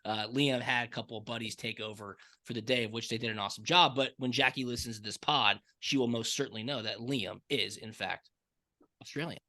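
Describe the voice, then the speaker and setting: Man, podcast host, bright tone, enthusiastic, casual sports chat, storytelling. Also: medium pitch. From Atlanta, Georgia. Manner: enthusiastic, storytelling, quick asides.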